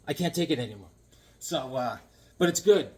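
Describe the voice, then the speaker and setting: A man talks his way through a pile of comics, circling back with fillers and throwing in puns as he goes. His voice sits in an ordinary middle pitch, easygoing and unhurried. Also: expressive, darkish tone. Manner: rambling, joking, lots of fillers and puns. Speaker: comic book channel host. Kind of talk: casual chat to camera.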